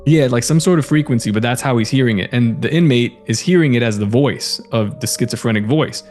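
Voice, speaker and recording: A male podcast host with a mid-pitched voice. He talks casually and retells a story with animated, acted-out dialogue. Faint music plays in the background. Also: fairly quick.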